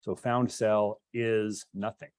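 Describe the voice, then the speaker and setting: A man's voice: lowish voice, flat delivery, slow pace, a little mellow, smooth, dry recording. A male instructor giving a classroom lecture, explaining step by step while demonstrating code and thinking aloud.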